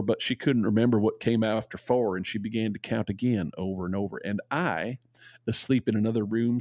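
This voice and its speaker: A man's voice: fairly low pitch, fairly quick, a little mellow, dry recording. A man co-hosting a talk show, reading a listener's letter aloud and telling stories, earnest, with stammers when he ad-libs. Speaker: podcast co-host.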